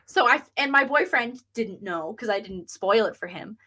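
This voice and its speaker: A woman co-hosting a podcast, chatting excitedly about a horror film. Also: fairly high pitch, moderate pace. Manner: chatty, excited, fond of fan details. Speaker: podcast co-host. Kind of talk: casual film review chat.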